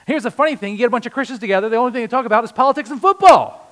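A man preaches with a notably high voice. He swings between loud, punchy lines and quiet, earnest ones. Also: lively intonation, very fast, a little hiss or hum. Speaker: pastor. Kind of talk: sermon.

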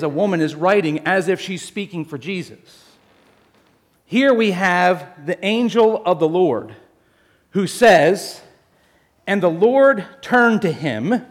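A man preaching a sermon, telling a story in a lively, jokey way and speaking straight to the congregation. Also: high-pitched. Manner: animated, jokey storytelling addressing the congregation as folks. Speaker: pastor.

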